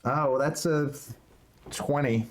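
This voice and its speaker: A man playing in a tabletop game, joking and quick to laugh. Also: medium pitch, background noise. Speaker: player. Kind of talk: casual tabletop play.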